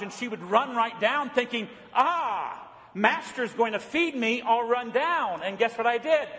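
Folksy male pastor in an echoing hall. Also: a bit bright. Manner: storytelling, folksy, dropping low for earnest points. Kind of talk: sermon. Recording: long hall reverb.

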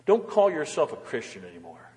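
A man's voice: a little high, wildly swooping pitch, a little fast, darkish tone, long reverb tail. A male pastor preaching a sermon, exhorting his listeners with pointed rhetorical questions. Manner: rhetorical questions, exhorting, rising and falling intensity.

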